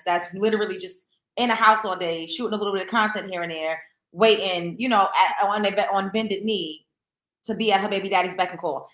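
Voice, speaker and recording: Opinionated woman with a bright voice. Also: mid-range voice, echoey room. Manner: opinionated, reads reports then reacts emphatically. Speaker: celebrity gossip host. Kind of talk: commentary on news.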